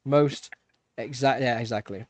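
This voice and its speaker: A man in his thirties tells a story on his own livestream, chatty and animated, with frequent laughs and filler words. His voice sits at an ordinary middle pitch. The recording is close and dry. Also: unhurried, dry recording. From England. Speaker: livestream host. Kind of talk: casual livestream chat. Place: home fish room.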